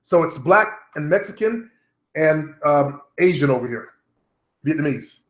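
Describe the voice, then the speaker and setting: Middle-aged male vlogger, profane and blunt, rambling monologue, slightly higher voice, echoey home room. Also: animated, unhurried. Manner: blunt and profane, talks to viewers directly. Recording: roomy echo.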